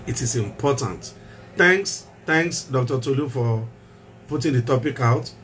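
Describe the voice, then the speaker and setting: A man's voice: mid-range voice, a little slow, a bit bright, slight background noise. Emphatic male mental health show host. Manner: emphatic, repeats key phrases, rhetorical questions.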